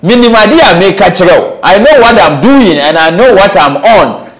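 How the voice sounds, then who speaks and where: A man with a Ghanaian accent giving spiritual predictions in a casual interview, talking in an animated, preachy way. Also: high voice, normal speed, a crowd in the background. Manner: animated, preachy, quotes others in put-on tones. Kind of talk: casual interview talk mixing English and Twi.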